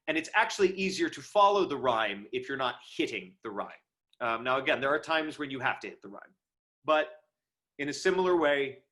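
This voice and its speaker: A man's voice: mid-range voice, a bit bright. A man giving a casual online lecture on performing verse, thinking aloud with many ums and restarts, recorded over a video call. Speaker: acting teacher. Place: home setup on a video call. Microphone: video call microphone.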